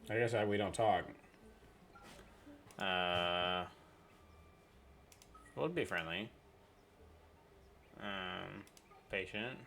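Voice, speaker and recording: In this casual let's-play, a man reads a card game's text and thinks aloud as he plays. He runs a gaming channel and speaks very slowly in a low voice with vocal fry, long pauses and a fairly bright tone, over slight background noise.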